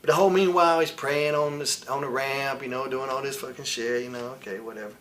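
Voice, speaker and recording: Quick-paced and a bit bright, his mid-range voice keeps fairly even intonation, with a little hiss or hum present. The speaker is a wrestler in his forties on an interview as a guest, telling frank stories in a blunt, heated, profane manner and mimicking others with put-on voices.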